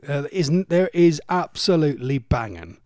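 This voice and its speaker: A man's voice: fairly high pitch, sing-song, normal speed, warm tone, no room sound. A middle-aged man hosting a radio show in casual, rambling, jokey chat. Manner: rambling, chatty, loose and jokey. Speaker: radio host.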